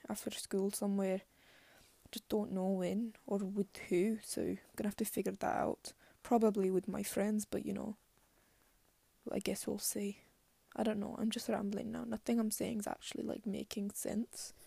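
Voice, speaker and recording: A young woman from London hosting a podcast in a put-on Scottish accent, rambling and chatty and drifting into soft half-whispered asides. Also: mid-range voice, vocal fry, slightly rough, dry recording. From London, England. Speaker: podcast host. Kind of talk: rambling solo monologue.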